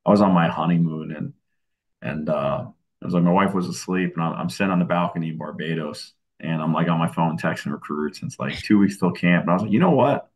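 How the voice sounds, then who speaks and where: A man, a college football coach, talking in a casual interview, relaxed and often restarting his sentences. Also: sits low, quick pace. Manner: relaxed, many restarts and fillers.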